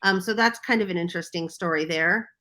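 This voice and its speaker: A woman's voice: on the low side, brisk, bright, forceful tone. An American woman and film publicist, chatting casually and enthusiastically about movies on a podcast. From United States. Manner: chatty, enthusiastic, lots of fillers.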